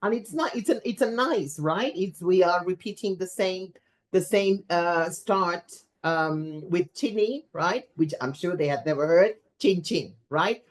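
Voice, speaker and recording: A woman giving a lively workshop talk to teachers as a teacher trainer, animated and expressive, often checking in with a quick "right?". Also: fairly low pitch.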